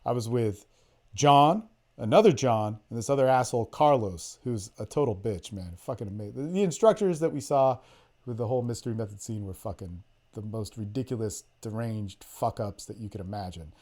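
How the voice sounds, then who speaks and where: Profane, animated male dating coach. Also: on the low side. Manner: profane, animated storytelling, quoting others in quick bits. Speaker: podcast host, dating coach. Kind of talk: casual storytelling on a group call.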